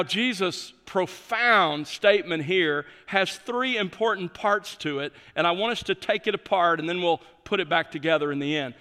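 High-voiced man preaching in an echoing hall. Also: pushed and bright. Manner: emphatic preaching, stresses key words. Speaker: pastor. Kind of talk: sermon.

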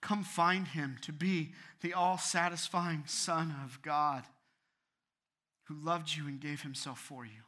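A man's voice: a little high, fairly even intonation, takes it slowly, pushed and bright. A man preaching an earnest sermon as a pastor, building to fervent appeals.

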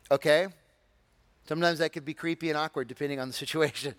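A man preaches in a lively, conversational way, breaking into jokes and high shouted impressions of eager listeners. His voice sits a bit high for a man. The sound is dry and close, with no room echo. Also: fast. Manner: animated, acts out excited congregants in high shouts; conversational, humorous asides. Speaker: pastor. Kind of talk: sermon.

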